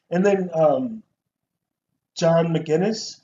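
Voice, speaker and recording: A man chatting over a movie on a podcast, his voice sitting a bit high, animated and quick to mimic lines. The sound is muffled with a faint hiss underneath. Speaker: podcast co-host. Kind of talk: casual movie review chat.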